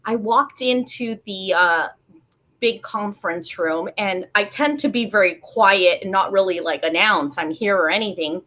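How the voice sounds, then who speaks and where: A woman's voice: mid-range voice, a little slow. A woman on a panel telling an anecdote, acting out the people she quotes. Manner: animated storyteller acting out quoted voices. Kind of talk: casual panel chat.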